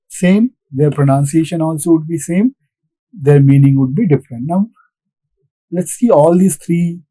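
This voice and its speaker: An English lecturer from India gives a recorded classroom lesson, patiently repeating points and answering his own questions. His voice is fairly high yet dark-toned and husky, with no echo but poor audio.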